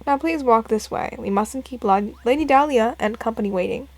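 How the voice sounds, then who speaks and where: A woman's voice: a little high, brisk, a little mellow. A woman voicing a formal, courteous older male butler in a video game. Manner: courteous, stiff.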